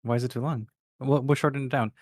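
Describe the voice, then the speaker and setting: A man's voice: medium pitch, fairly even intonation, fast talker, no echo. A man co-hosting a stream, chatting casually with dry, matter-of-fact remarks. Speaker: stream co-host. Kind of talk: casual commentary chat.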